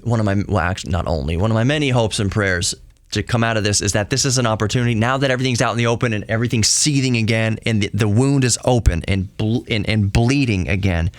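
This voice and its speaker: A man's voice: on the low side, quick pace, dry recording, clean studio sound. A man hosting a podcast, talking in an earnest and heated solo monologue, often repeating and restarting his phrases. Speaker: podcast host.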